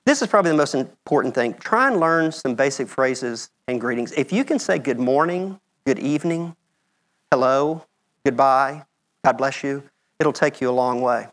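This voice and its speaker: A man's voice: medium pitch, expressive, normal speed, a bit bright. Middle-aged american guy giving a slide talk, casual, keeps saying okay?, medium voice. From United States. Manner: conversational, checks in with "okay?". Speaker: medical mission speaker.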